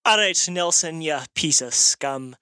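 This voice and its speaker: A man's voice: on the high side, lively intonation, a little slow, pushed and bright, smooth, no echo, clean studio sound. A man playing his character at a tabletop game, assertive and confrontational. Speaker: player. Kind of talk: tabletop role-play.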